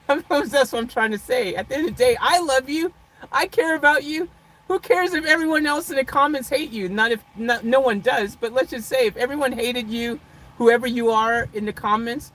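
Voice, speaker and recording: A livestream host talks casually to viewers from inside a vehicle, chuckling often and swinging between loud, playfully dramatic teasing and quiet sincerity. The voice sits in a middle pitch, and a faint vehicle hum runs underneath. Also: moderate pace, poor audio.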